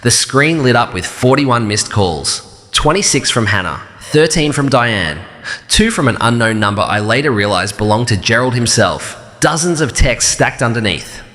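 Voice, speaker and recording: Calm, measured man narrating a story. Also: medium pitch, big-room sound. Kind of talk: scripted first-person story narration.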